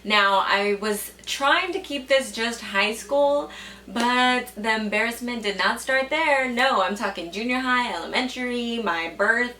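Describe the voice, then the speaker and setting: A woman's voice: on the high side, measured pace, pushed and bright, far from the mic. A young woman vlogger telling stories casually to the camera. She swears a lot and fills her speech with "like.". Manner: chatty, swears a lot, says "like" often. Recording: echoey room, a bit off-mic.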